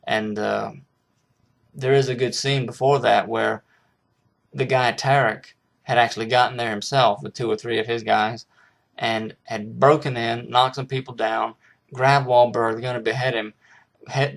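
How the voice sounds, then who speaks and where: A man's voice: medium pitch, gravelly. A man casually reviewing a film, rambling with frequent restarts and hesitations.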